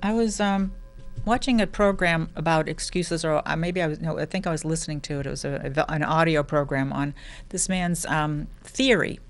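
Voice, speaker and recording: Faint music plays behind this lifestyle show host, a middle-aged woman whose low voice moves at a moderate pace. She talks self-help in a casual way, often restarting and tossing in playful asides.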